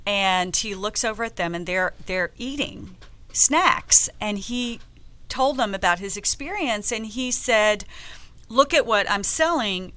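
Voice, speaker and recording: A woman from the American South hosting a casual radio talk show, telling stories with animated, playful asides. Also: mid-range voice, unhurried. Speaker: host. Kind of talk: casual radio chat, storytelling.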